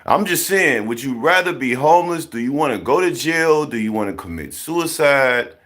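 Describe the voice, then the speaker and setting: A man's voice: mid-range voice, normal speed. A man, giving casual, preachy commentary, repeating himself and firing rhetorical questions. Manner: animated, repetitive, rhetorical questions. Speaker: commentary vlogger.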